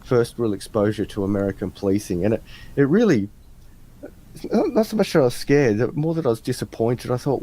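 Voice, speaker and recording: An Australian man, probably in his thirties, casually telling a story on a livestream and acting out the quotes. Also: brisk. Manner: animated storyteller, acts out quotes in a higher voice.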